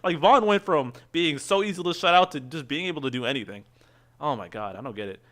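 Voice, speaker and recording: A man's voice: on the high side, lively intonation, fairly bright tone. A man hosting a game stream, ranting at length with frequent restarts and reading chat. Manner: fast, rambling rant with frequent restarts. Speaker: streamer host. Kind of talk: casual game stream rant.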